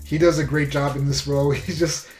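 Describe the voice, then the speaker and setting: A man's voice: a little high, flat delivery, a little fast, a little mellow, echoey room, faint music behind. A man giving a casual, enthusiastic movie review, filling his talk with "you know" and "like".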